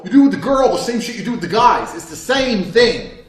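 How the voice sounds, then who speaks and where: A man's voice: high voice, very animated, racing. A man in his thirties giving a blunt, profane motivational talk, swearing constantly and acting out quoted exchanges. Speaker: motivational speaker. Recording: echoey room with faint music.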